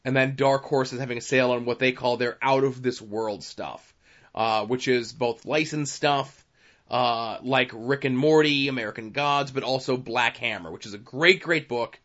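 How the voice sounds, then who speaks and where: A man's voice: medium pitch, moderate pace, a bit bright. A man co-hosting a podcast, chatting casually and rambling through a list with many fillers. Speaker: podcast co-host. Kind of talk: casual chat. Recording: dull lo-fi podcast audio.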